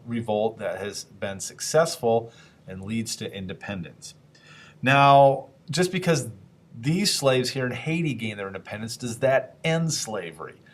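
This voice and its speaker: A man teaching a history lesson in a casual, conversational way, asking the class questions and briefly acting out historical figures. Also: medium pitch.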